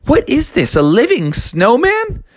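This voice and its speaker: A man voicing a startled male beaver in a storybook tale, high and yelping in astonishment. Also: very animated, normal speed, vocal fry, husky, full character voice. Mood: amazed.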